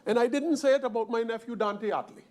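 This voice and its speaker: Emphatic high-voiced man speaking in parliament. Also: quick pace. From Sint Maarten. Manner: emphatic, repetitive, forceful rhetorical questions. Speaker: member of parliament. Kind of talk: parliamentary speech. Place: parliament chamber.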